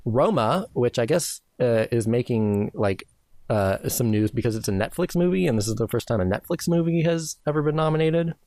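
A man's voice: medium pitch, expressive, normal speed, a little mellow, no room sound, clean studio sound. A man co-hosting a podcast in casual chat, hesitant with many fillers and a wry, teasing manner. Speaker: podcast co-host.

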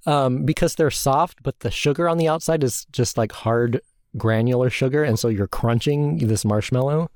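Very low-voiced, dry-spoken woman. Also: normal speed, a little mellow, dry recording. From California. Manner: dry, matter-of-fact, runs the list. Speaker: podcast co-host. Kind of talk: casual chat.

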